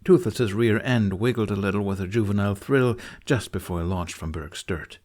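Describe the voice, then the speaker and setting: A man narrates a fantasy audiobook at a measured storytelling pace. His voice sits somewhat low, and he reads steadily and plainly. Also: a little mellow.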